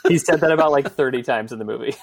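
A podcast guest chatting casually about a movie, nerdy and animated, laughing while talking. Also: mid-range voice, brisk, vocal fry. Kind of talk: casual movie-review chat.

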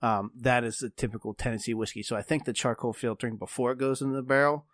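A man co-hosting a casual chat, explaining things in a relaxed way. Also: medium pitch, fast talker, no echo, studio quality. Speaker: whiskey expert co-host.

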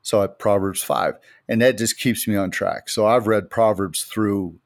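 American guy on a podcast, punchy storyteller, low-ish voice, dead dry mic. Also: fairly even intonation, measured pace, no echo. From United States. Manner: storytelling, emphatic retelling of anecdotes. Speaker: podcast co-host. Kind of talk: casual faith podcast chat.

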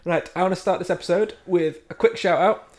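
A man's voice: high voice, brisk. A man hosting a comedy podcast, joking around, laughing often and tripping over his words. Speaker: podcast host. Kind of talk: casual comedic podcast chat.

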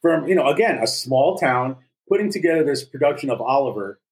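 A man's voice: mid-range voice, animated, brisk, rough recording. A man in his forties co-hosting a casual podcast, telling stories with jokes and a lot of filler words. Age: 40s. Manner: jokey storyteller, slips into silly put-on voices. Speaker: podcast co-host. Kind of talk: casual chat.

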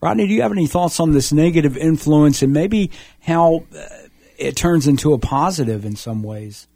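A man's voice: on the high side, lively intonation, moderate pace, creaky, mellow, no room sound, clean studio sound. A man hosting a faith-based discussion show, easygoing and conversational. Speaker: host.

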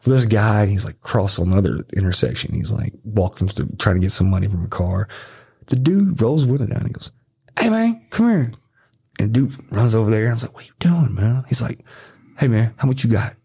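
A man, a podcast guest telling profane, animated stories and acting out the voices of the people in them. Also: on the low side, fast, vocal fry, breathy edge. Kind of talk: casual storytelling.

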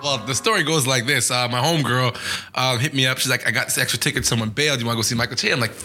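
A man's voice: medium pitch, fast, bright, forceful tone, soft background music. A man telling a story as a podcast guest, in a laid-back, slangy way. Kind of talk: casual storytelling.

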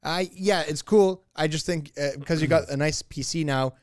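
A man co-hosting a podcast in casual chat, laid-back and slangy, chiming in with quick agreements. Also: on the high side, dry recording, clean studio sound. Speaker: podcast co-host.

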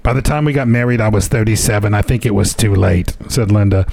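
A man's voice: lowish voice, fast, gravelly, darkish tone, no echo. A man co-hosting a casual podcast, reading an article aloud and adding dry jokes. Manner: dry joking asides between read quotes. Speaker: podcast co-host.

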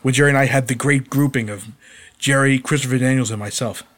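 A man's voice: medium pitch, fairly even intonation, fast, a bit bright. Male podcast co-host, casual storyteller, mid-range voice. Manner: storytelling, laughing at old road stories. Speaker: podcast co-host, former wrestler. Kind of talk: casual chat.

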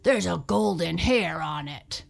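A great big daddy bear from a storybook growls and roars his complaints, as a woman acts him out. Her voice turns loud and gruff, with a gravelly edge. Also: lowish voice, steady tone, slow pace, soft background music, exaggerated voice.

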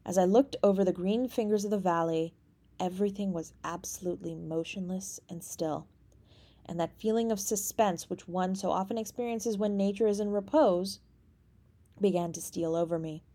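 A woman audiobook reader narrating a classic story in a measured, even way. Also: medium pitch. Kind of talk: scripted narration.

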